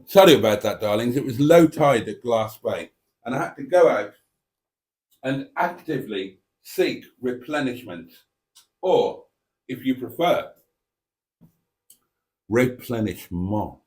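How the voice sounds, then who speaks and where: A man's voice: mid-range voice, lively intonation, measured pace, darkish tone. A British man hosting a live stream, chatting in a casual, reflective and self-mocking way. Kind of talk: casual rambling live chat.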